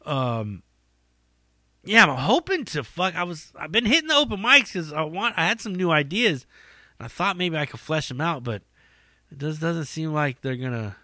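A man's voice: on the high side, sing-song, moderate pace, sharp tone, no room sound, studio quality. A man, a stand-up comic hosting a podcast, telling rambling stories in casual chat, swearing freely and laughing at his own jokes. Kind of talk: casual storytelling monologue.

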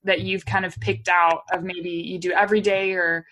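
A woman's voice: lowish voice, level tone, moderate pace, a bit bright. A woman hosting a podcast, upbeat and enthusiastic, often chiming in with affirmations. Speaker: podcast host. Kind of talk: casual podcast conversation.

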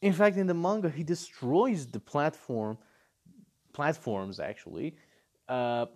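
A man giving casual reaction commentary on a manga chapter, animated and incredulous, firing off rhetorical questions as he rants. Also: on the high side, measured pace.

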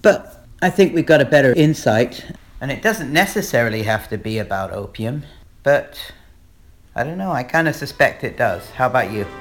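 A man's voice: mid-range voice, expressive, normal speed. A man hosting a comic podcast, telling jokes and chuckling at his own punchlines. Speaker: podcast host.

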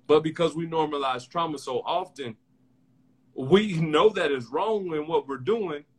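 A young man hosting a casual podcast, talking in slang and telling animated stories with lots of repeated phrases. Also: a little high, husky. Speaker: podcast host.

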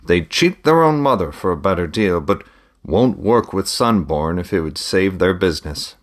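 A middle-aged trader and father, earnest and proud, talks business in a measured, matter-of-fact way, as a man reads him in an audiobook. His voice sits very low and deep. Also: lively intonation. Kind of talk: audiobook reading.

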